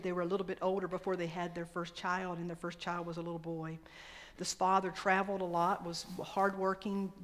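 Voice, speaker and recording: A woman minister, preaching a sermon in a chatty storytelling way and slowing down to stress key words. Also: medium pitch. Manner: conversational storytelling, slows down for emphasis. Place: church sanctuary. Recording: long reverb of a church hall.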